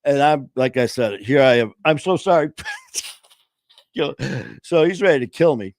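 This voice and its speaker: A man's voice: mid-range voice, expressive, normal speed, a little mellow, dry recording. Rambling man telling a funny story. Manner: rambling, frequent fillers, laughs at own stories; swears casually. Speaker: podcast host. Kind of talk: casual storytelling chat. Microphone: home streaming setup.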